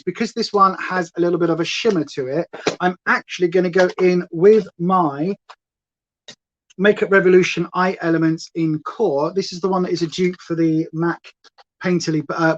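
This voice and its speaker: A woman's voice: on the low side, dull audio. A woman from Hampshire with a southern English accent and a touch of Essex twang, chatting loosely as she does her makeup on a livestream and reads out viewers' comments. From Hampshire, England. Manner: rambling, chatty, talks to viewers and her dog. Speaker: beauty livestream host. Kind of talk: chatty makeup livestream, reading chat aloud. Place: home.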